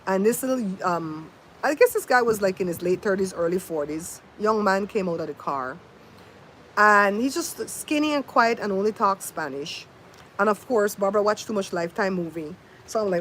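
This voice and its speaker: A woman's voice: medium pitch, expressive, moderate pace, fairly bright tone. An older woman, a grandmother, hosting a casual livestream outdoors, telling stories and mimicking sounds as she chats to viewers by name. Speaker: livestream host. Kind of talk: casual livestream chat and storytelling. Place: outdoors in wind. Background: faint wind noise.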